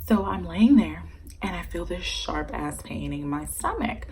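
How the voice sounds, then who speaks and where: A young woman vlogger talking straight to her camera, swearing freely in a loose, animated story-time. Her voice sits a little low for a woman. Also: a little slow, low-quality recording. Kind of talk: casual story-time vlog.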